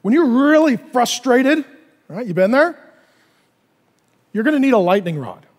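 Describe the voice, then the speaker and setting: A male pastor preaching a sermon in an animated way, acting out little dialogues in other voices. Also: very high voice, a little slow, big-room sound.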